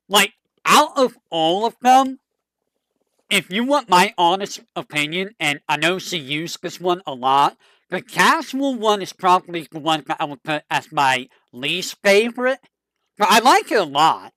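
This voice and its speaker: An excitable streamer chatting casually with viewers, with a bright, forward voice that swoops up and down and an unhurried pace. The recording is dry and close, with almost no room sound. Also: medium pitch, no room sound. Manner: rambling and excitable, fond tone. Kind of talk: casual chat to a live audience.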